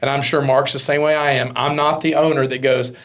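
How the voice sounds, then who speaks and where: Gravelly-voiced man telling animated business stories. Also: medium pitch, fairly quick. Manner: animated, acts out quoted dialogue, frequent fillers and restarts. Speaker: business owner guest. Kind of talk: casual conversational storytelling.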